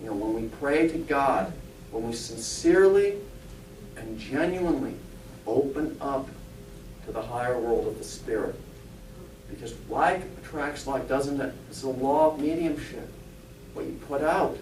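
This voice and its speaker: A man's voice: medium pitch, measured pace, darkish tone, slight background noise. A man, a spiritualist minister and medium, giving an informal talk to a congregation, chatty and humorous, often asking the audience questions. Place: church hall. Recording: echoey church from a distant mic.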